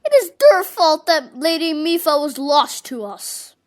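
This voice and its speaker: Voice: high-pitched, animated, measured pace, voice pushed down. A fan voice actor playing a scornful elderly fish-folk royal adviser who protests at every turn. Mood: indignant. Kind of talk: voicing game dialogue.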